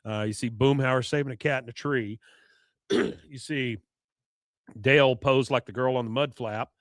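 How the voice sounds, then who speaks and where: A man's voice: medium pitch, moderate pace, no echo, clean studio sound. Man with a fading voice recapping. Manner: animated storytelling, frequent "uh" and "you see". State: voice going hoarse. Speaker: podcast host. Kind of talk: casual episode recap.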